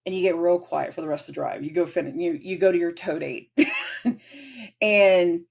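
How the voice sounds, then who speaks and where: A woman's voice: fairly low pitch, vocal fry, a little mellow, slightly rough. A woman hosting a casual astrology forecast, rambling and acting out little everyday scenes. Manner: rambling, acts out little scenes in quick voices. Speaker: astrology host.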